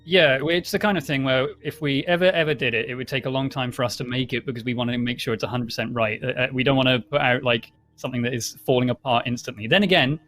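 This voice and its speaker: A man's voice: mid-range voice, fairly even intonation, fast, hardly any pauses, fairly bright tone, soft background music. A man hosting a live stream, chattily thanking viewers and reading out their donation messages. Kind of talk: casual stream chat.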